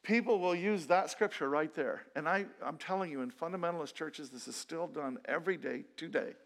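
Earnest man preaching, fairly high voice. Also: fairly quick, gravelly, few pauses. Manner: earnest, conversational preaching with frequent restarts. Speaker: pastor. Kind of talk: sermon. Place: church sanctuary.

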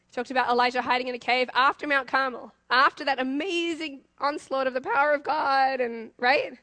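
A young woman with an Australian accent preaching a sermon, asking her congregation lively questions as she goes. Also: high voice, a little fast, no echo.

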